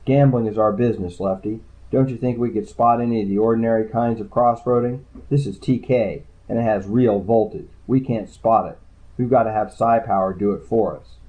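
A man's voice: on the low side, normal speed, warm tone, muffled recording, close to an everyday voice. Man playing a sneering gambling-house owner. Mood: cool. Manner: sneering, scornful.

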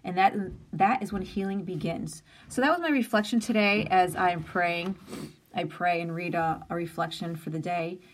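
A woman's voice: on the low side, normal speed, a little hiss or hum. A woman in her forties hosting a casual live stream, talking earnestly and openly about feelings. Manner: earnest, open and conversational, with emphatic lists. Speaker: host of an inspirational live stream.

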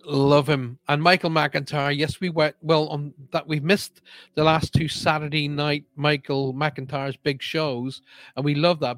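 A man's voice: on the high side, a bit bright, no echo. A man hosting a live chat show as a psychic medium, chatty and upbeat, greeting viewers by name as he talks. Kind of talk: casual live-stream chat.

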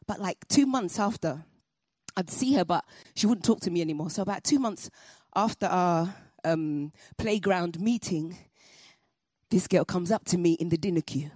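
A woman telling a personal story to an audience, animated and comic with laughing asides. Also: on the low side, a little slow, dry recording, clean studio sound.

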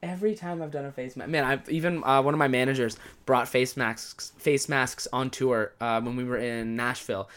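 A man's voice: medium pitch, steady tone, normal speed, hardly any pauses, fairly bright tone. A man hosting a podcast, talking in a casual monologue, with a profane, exasperated, comic ranting manner. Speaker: podcast host.

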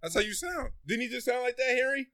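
A man's voice: very high voice, quick pace, bright, forceful tone, no room sound, studio quality. A man co-hosting a podcast, chatting casually, teasing his friends and stammering when he gets worked up. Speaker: podcast co-host. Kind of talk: casual chat.

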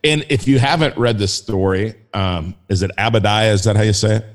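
Man, fairly low voice, podcast guest, enthusiastic, rambling, restarts often. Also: brisk. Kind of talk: casual faith conversation.

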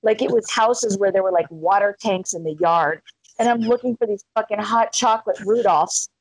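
A woman's voice: mid-range voice, normal speed, dry recording, rough recording. A woman in casual chat, telling stories with lots of swearing and acting out the voices of the people she quotes. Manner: animated storyteller, swears freely, acts out quoted voices. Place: lives in Arizona.

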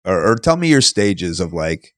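A man with a lowish voice hosts a laid-back chat and stretches his words out when he asks questions. His voice sounds dry and close to the mic. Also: big pitch swings, normal speed, a bit bright, dry recording. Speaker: podcast host, wrestler. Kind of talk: casual interview chat.

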